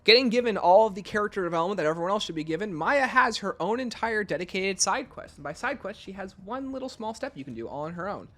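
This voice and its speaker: A man's voice: sits high, animated, quick pace, hardly any pauses, fairly bright tone. A man giving an unscripted video game review in a casual, rambling way, often restarting his sentences.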